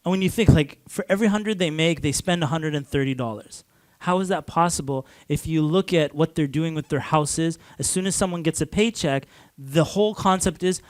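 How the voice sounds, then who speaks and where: A man's voice: on the high side, a little fast, no echo. A man from Canada giving a casual lecture to a class, talking loosely with lots of "like" and restarts and chuckling often.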